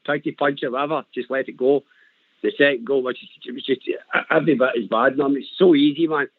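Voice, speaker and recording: A Scottish man calling in to a radio show, chatting in an animated, rambling way and laughing often. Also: mid-range voice, quick pace, dry recording. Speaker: caller. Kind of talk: casual chat on a call-in show. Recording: tinny phone line.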